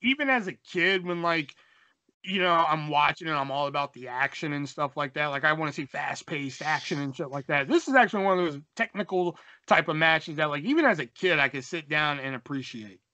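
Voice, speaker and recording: A young man co-hosting a podcast, telling a story in a casual, animated way, swearing and acting out the dialogue. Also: on the high side, fairly quick, no echo. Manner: animated, profane, acts out dialogue. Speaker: podcast co-host.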